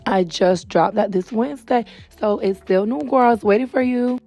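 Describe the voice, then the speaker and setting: A young adult woman hosting a casual wig tutorial, chatty and friendly with viewers, a little hoarse and short of breath. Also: mid-range voice, moderate pace, warm tone, faint music behind. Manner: chatty, calls viewers girl and baby. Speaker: beauty supply wig stylist host. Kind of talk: casual tutorial talk to camera. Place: indoors at home.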